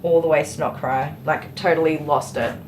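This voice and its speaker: A woman's voice: deep voice, fairly even intonation, normal speed, a little mellow, slight background noise. A woman who is a dog groomer, chatting casually on a livestream while she works and answering viewers by name. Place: grooming salon, indoors.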